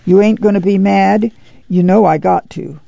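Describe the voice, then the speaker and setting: Sorrowful guilt-ridden uncle, halting rural dialect, read by a man, gravelly and dark, dull dry sound. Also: high voice, no room sound, voice pushed up.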